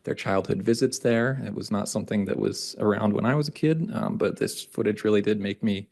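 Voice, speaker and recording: A man's voice: on the low side, brisk, vocal fry, darkish tone. A young man giving a conversational report to a board meeting, with frequent ums and uhs. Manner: loose, conversational delivery with many ums and uhs. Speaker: communications staff presenting a report. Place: meeting room.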